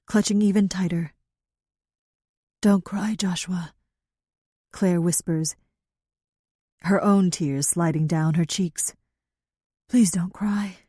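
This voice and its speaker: A female audiobook narrator tells a novel's story at a medium pitch, steady and measured in her delivery. The scripted reading is a dry, studio-quality recording.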